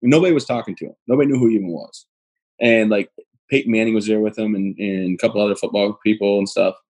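A man telling stories in casual chat, animated and acting out the voices of people he quotes. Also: fairly low pitch, fast talker, breathy edge, poor audio. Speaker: guest.

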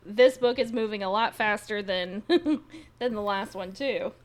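A woman's voice: medium pitch, measured pace. A woman co-hosting a podcast in casual book chat, enthusiastic and laughing often as she goes off on tangents. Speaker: podcast co-host.

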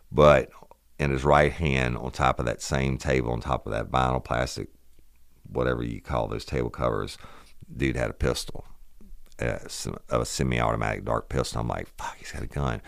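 A man's voice: a bass voice, creaky, no echo, studio quality. A middle-aged man, hosting a podcast and telling a police story in a profane, rambling, casual way. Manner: profane, rambling, animated retelling of a police call. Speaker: podcast host.

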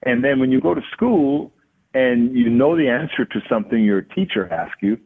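A man's voice: medium pitch, moderate pace, breathy edge. Jamaican-accented man on a tinny phone line. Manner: relaxed storytelling with many fillers. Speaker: guest. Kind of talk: casual interview.

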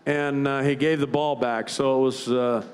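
A man's voice: medium pitch, flat delivery, normal speed, slight background noise. An older man, a retired ballplayer, telling rambling anecdotes in a live interview with frequent restarts and chuckles. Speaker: retired baseball player, guest.

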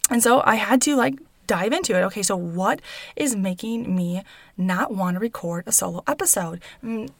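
A woman in her thirties hosting a solo podcast, chatty and upbeat, often tagging her sentences with a quick "right?". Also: medium pitch, no echo. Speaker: podcast host. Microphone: recorded without her usual studio mic.

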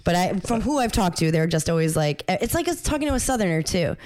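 A woman's voice: lowish voice, very animated, quick pace, darkish tone. A woman co-hosting a casual podcast, rambling and filling her talk with "like" and laughter. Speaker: podcast co-host. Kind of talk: casual chat.

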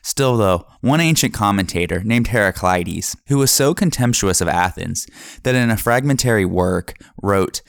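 Low, gravelly male history narrator. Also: lively intonation, no room sound, clean studio sound. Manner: measured, reading from a script. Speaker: history podcast host.

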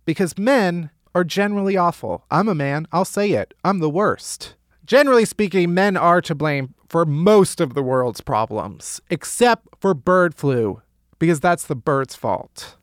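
A man's voice: on the high side, lively intonation, measured pace, no room sound, clean studio sound. A man hosting a casual comedy news roundup, sarcastic and profane, laughing often. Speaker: comedy podcast host.

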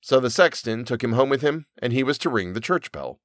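A man narrating a fairy tale in an animated storybook reading. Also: mid-range voice, fairly quick, no echo, clean studio sound.

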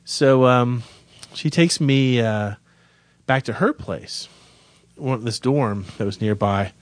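Deadpan, self-mocking storytelling man. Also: mid-range voice, slow, no room sound. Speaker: podcast co-host. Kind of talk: casual storytelling chat.

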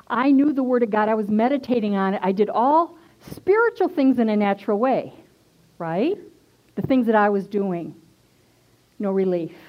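A woman minister giving a personal testimony in a sermon, earnest and conversational, stressing points by repeating them. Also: fairly high pitch. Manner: earnest and conversational, emphatic repetition. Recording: dull lo-fi recording.

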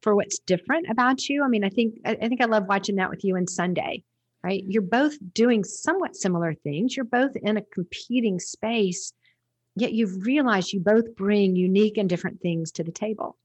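A woman's voice: medium pitch, normal speed, husky, no echo. A woman guest on a podcast interview, talking in a reflective, rambling way with restarts.

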